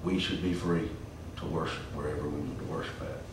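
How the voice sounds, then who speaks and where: Deep councilman, calm and reassuring, distant mic in an echoey chamber. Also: brisk. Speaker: council member. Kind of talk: measured reply at council meeting. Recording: echoey room from far off with faint noise.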